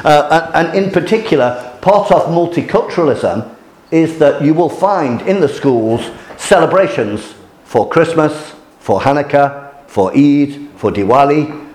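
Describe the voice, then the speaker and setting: A man's voice: fairly high pitch, lively intonation, a little slow, a little mellow. A man giving an informal lecture to a class, hesitant with many restarts and fillers, chuckling at his own jokes. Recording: roomy hall echo.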